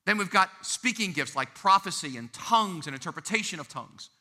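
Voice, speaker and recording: A middle-aged male pastor giving a conversational sermon, animated and quick with asides and voiced examples. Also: high voice.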